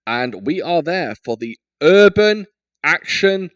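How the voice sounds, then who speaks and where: A man's voice: on the high side, sing-song, slow, a bit bright, dry recording. A man hosting a podcast in casual chat, joking and rambling with lots of fillers. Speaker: podcast host.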